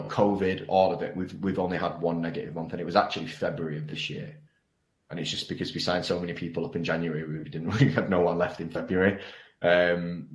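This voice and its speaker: A man speaking as a guest in a casual interview, blunt, frank and sweary. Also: low voice. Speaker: guest, online coaching business owner. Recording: roomy echo.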